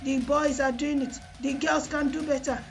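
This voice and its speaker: High-voiced Nigerian Pidgin radio hostess. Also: female voice, fairly even intonation, moderate pace, vocal fry. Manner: mixes Pidgin, English and Yoruba, chanting and hyping. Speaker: radio sports show host. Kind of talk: lively radio show banter. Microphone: studio mic.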